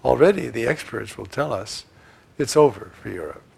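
A man preaching a sermon, swinging from loud, emphatic lines to hushed asides. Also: medium pitch, animated, moderate pace, vocal fry, husky.

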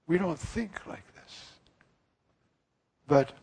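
Slow, gravelly, husky male preacher. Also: on the high side, lively intonation, dark tone. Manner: earnest, musing, with frequent fillers. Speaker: priest. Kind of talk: sermon.

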